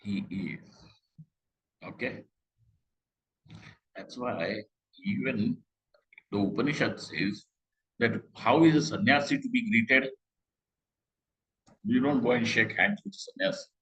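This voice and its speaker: Bright-voiced man teaching scripture. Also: mid-range voice, low-quality recording. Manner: conversational, asks rhetorical questions, quotes Sanskrit slowly. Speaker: Vedanta teacher. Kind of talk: scriptural class lecture.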